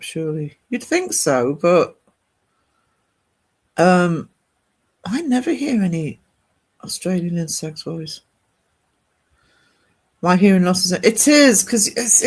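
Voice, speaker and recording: A man from Northeast England with an English accent, chatting casually with viewers on a live art stream in a rambling way. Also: high-pitched. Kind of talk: casual chat while streaming.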